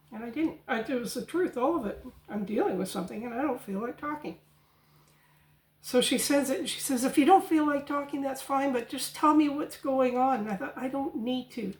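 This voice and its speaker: A woman hosting a spiritual channel, telling a personal story in an indignant, emphatic way and mimicking the people she quotes. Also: medium pitch. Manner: indignant, quotes others in mock voices. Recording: echoey room.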